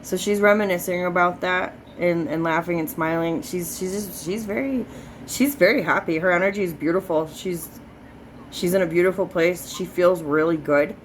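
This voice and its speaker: A woman's voice: on the low side, moderate pace, slight background noise, low-quality recording. A woman doing a spirit reading as a psychic medium, chatty, full of filler words and swearing freely.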